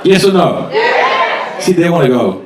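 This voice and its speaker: A man's voice: fairly high pitch, sing-song, a little slow, crowd noise. A man doing stand-up, swearing freely and teasing the audience. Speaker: stand-up comedian. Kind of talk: stand-up comedy set with crowd work. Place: comedy club stage. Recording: echoey club, distant mic, loud audience.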